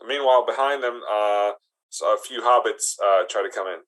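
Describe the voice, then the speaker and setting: A man's voice: on the low side, moderate pace, fairly bright tone, rough recording. A man setting up an improvised comedy scene as its narrator. He talks casually and playfully, stopping and restarting as he makes it up. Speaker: improv performer.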